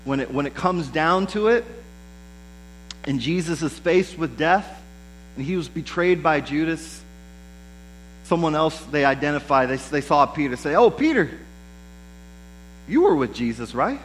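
Casual preaching man, slightly high voice. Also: a little slow, long pauses, a little hiss or hum, low-quality recording. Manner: conversational preaching with lively acted-out quotes. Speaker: pastor. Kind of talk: sermon.

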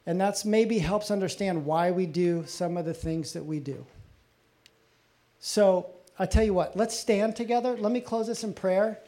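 Earnest high-voiced pastor preaching. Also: male voice, a little slow. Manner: earnest, confessional, drops soft and low on personal moments. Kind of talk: sermon.

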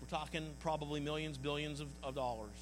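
A man's voice: on the high side, fairly even intonation, fast talker. Man, pastor, sermon, earnest folksy delivery, repeats words, long hall reverb, faint mains hum. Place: church hall.

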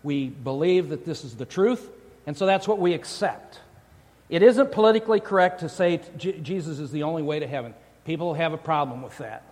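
A man preaches with a fairly high voice, chatty and joking, often stopping to restart a phrase. His sermon carries a long reverb from a large church hall. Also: a little fast, darkish tone. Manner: conversational, joking, frequent restarts. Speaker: pastor. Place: church sanctuary.

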